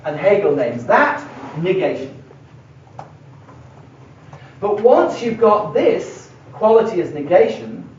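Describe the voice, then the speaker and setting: A high-pitched yet darkish male voice belongs to a middle-aged philosophy lecturer who thinks aloud and stresses key words while writing on the board. The recording is dull and lo-fi, made with a far-away mic in an echoey hall, and has slight background noise.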